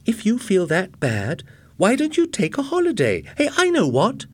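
A man voicing an excitable young housewife in a high, chattering voice. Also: normal speed, heavily acted. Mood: excited.

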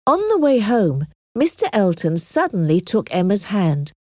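Woman narrator, expressive audiobook reading, lively pitch, dry close recording. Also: a little slow, no room sound. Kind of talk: audiobook reading of a simplified classic novel.

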